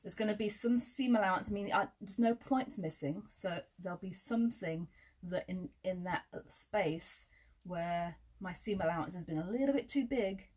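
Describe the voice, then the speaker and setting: A woman's voice: mid-range voice, darkish tone. A woman teaching quilting in a chatty live tutorial. She talks through measurements step by step and drifts into friendly asides.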